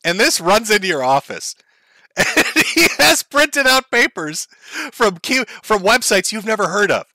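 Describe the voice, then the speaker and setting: A man's voice: high voice, very animated, unhurried, sharp tone, no room sound. Mocking, profane male commentator. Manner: mocking, profane, laughs often. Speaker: commentary host.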